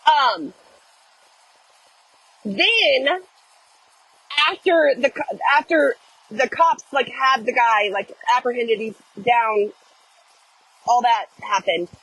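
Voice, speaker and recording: A middle-aged woman telling a dramatic story to her viewers in a casual, animated way, often saying "y'all". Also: sits high, a little slow, a little hiss or hum, low-quality recording. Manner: animated, addresses viewers as "y'all", acts out shouting.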